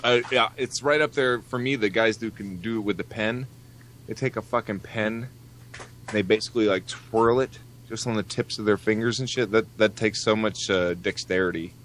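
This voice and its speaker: Lower-voiced wisecracking man. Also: moderate pace, fairly bright tone, a little hiss or hum. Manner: profane, wisecracking, rambling. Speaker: podcast co-host. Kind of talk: casual podcast banter.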